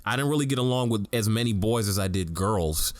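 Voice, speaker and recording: A man's voice: lowish voice, expressive, fairly quick, no echo. A young man co-hosting a casual podcast, talking frankly in a rambling way and often correcting himself mid-sentence. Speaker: podcast co-host.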